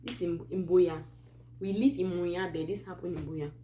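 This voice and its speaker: With a fairly low voice at normal speed, a Cameroonian woman hosting a Christian advice channel relates a true story in a casual, spirited manner, often going off on asides. She has a Cameroonian English accent, and a little hiss or hum can be heard.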